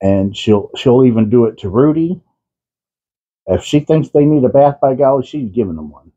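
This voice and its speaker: A man's voice: mid-range voice, expressive, normal speed, dark tone. Man cooing to his cats, tinny audio. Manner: doting baby talk to his cats, laughing. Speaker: crafting channel host. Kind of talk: casual chat to pets and viewers. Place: home.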